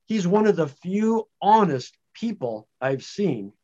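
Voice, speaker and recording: Animated man guest on lo-fi audio. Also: high-pitched, takes it slowly. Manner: animated, emphatic, frequent restarts. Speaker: home education researcher guest. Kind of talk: conversational podcast interview. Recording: dull lo-fi audio.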